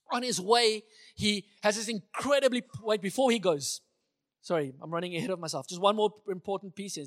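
A preacher with a high, somewhat bright voice delivers a conversational sermon, now and then acting out the dialogue he retells.

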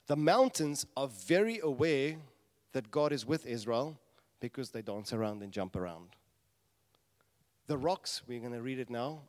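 A man preaching a sermon, telling the story animatedly and acting out voices with sudden loud bursts. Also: mid-range voice. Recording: long reverb of a large hall.

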